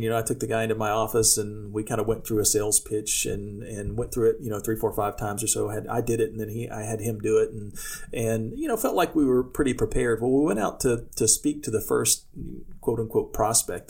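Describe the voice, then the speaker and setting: A husky-voiced man who coaches public speaking talks casually for his podcast. He tells stories from his own career in a loose, rambling way, often restarting his sentences and acting out what people said. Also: medium pitch, darkish tone. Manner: tells personal anecdotes, acting out quoted speech.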